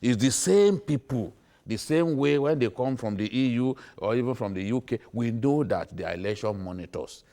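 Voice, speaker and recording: A man's voice: medium pitch, lively intonation, moderate pace, mellow. A middle-aged man with a Nigerian accent, arguing emphatically and repeating his points on a TV studio panel. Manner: emphatic, repetitive, lecturing.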